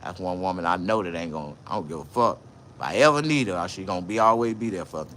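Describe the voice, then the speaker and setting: A man telling stories in a casual livestream, loud, profane and boisterous. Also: low voice, animated, fast talker, a little hiss or hum. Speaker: vlogger.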